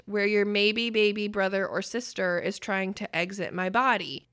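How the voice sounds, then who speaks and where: Bright, clear-voiced woman podcast host. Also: medium pitch, moderate pace, few pauses. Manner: swearing, storytelling, laughs loudly. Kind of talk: casual chat.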